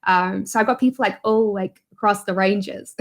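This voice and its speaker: A woman's voice: medium pitch, moderate pace. A woman from New Zealand with a New Zealand accent, chatting as a guest in an interview, with many fillers and frequent laughs. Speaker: guest, YouTuber. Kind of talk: casual interview chat.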